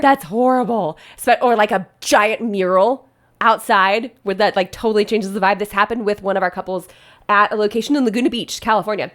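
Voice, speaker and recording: A woman's voice: mid-range voice, brisk. A woman wedding planner reacting to posts in casual, chatty commentary, laughing often.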